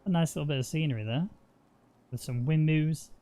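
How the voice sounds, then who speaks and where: A man doing casual, joking commentary on an online sim race, getting loud and excited at crashes. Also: fairly high pitch, brisk. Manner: joking, banter-heavy, excitable on incidents.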